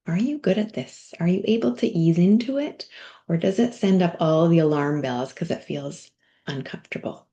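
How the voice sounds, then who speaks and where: Middle-aged lady coach walking you thru a body practice, lowish warm voice, gentle n soothing. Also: normal speed, dull audio. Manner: gentle, soothing guidance with soft asides. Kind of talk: guided body practice workshop.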